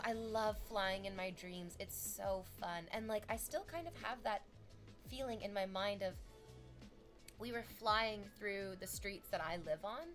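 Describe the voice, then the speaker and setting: A young woman streamer chats casually with her viewers, animated and cursing freely. Her medium-pitched voice leaps up in excited bursts.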